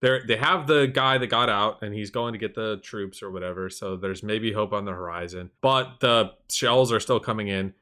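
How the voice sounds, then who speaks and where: A man's voice: lowish voice, normal speed, few pauses. A podcast co-host, a man, casually recapping movie scenes with lots of filler words. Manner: relaxed recapping, many fillers and restarts. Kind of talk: casual film discussion.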